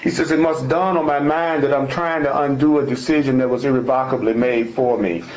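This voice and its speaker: A man's voice: mid-range voice, fairly even intonation, brisk, darkish tone. Emphatic man in an echoey room. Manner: emphatic and repetitive, restating each point; folksy, informal phrasing. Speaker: spiritual teacher. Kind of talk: spiritual talk, reading and explaining a text. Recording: echoey room, dull lo-fi sound.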